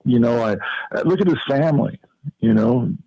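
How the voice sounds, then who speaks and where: A man, a former football player and radio co-host, reminiscing with halting speech, full of repeats and fillers. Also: medium pitch, no echo, highs cut off.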